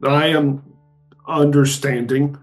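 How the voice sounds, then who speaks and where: A man voicing a glitching male cyborg sasquatch in a tabletop game, speaking in halting, robotic bursts with a loose put-on Norwegian accent. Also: fairly high pitch, fairly even intonation, faint music behind. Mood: flat, mechanical. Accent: put-on Norwegian, loosely held.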